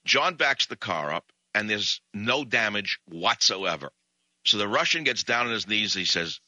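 A man's voice: on the low side, animated, moderate pace, bright, forceful tone, no room sound. A man hosting a talk show, telling a comic, rambling anecdote into a studio microphone. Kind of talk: comic storytelling monologue.

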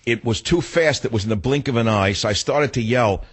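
Husky ranting New man. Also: mid-range voice, fairly quick, no room sound. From New York. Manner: blunt, ranting, digressive. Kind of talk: opinionated storytelling monologue.

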